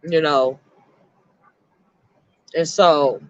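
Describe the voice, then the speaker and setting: A middle-aged woman, a retired school counselor, hosting an emotional live-stream chat and speaking haltingly to her viewers. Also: mid-range voice, no room sound, lo-fi sound. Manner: emotional, halting, repeats words while talking to her chat.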